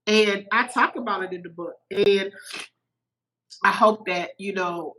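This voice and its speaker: A middle-aged woman, a podcast guest, telling a personal story in an animated way, a little teary-eyed. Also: medium pitch, measured pace, a little hiss or hum, rough recording. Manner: animated, acts out quoted voices.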